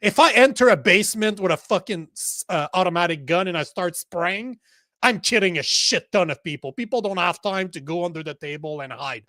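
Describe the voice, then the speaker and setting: A man co-hosting a casual political podcast, excitable and swearing often, laughing easily. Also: high-pitched, fairly quick, dry recording, studio quality. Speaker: co-host.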